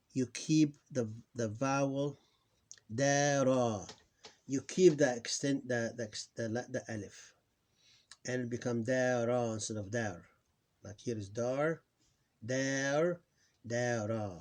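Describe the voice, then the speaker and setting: A man at a mid pitch gives an informal reading lesson, pronouncing sounds again and again with patience. He often stops to correct himself, and he sounds tired. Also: darkish tone. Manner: patient, repeats words slowly, self-correcting. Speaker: Arabic reading teacher.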